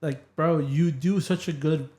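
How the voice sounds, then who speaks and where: Male podcast guest, slightly high voice, earnest and slangy, echoey room. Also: fairly even intonation, a little slow, darkish tone. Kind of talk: casual podcast chat.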